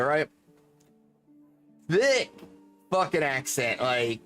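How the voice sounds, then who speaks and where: A high-voiced man chats casually while he plays a game, rambling from joke to joke and swearing freely. Soft music runs underneath. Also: animated, a little slow. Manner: rambling, profane, joking. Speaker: gaming streamer. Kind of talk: casual chat while gaming.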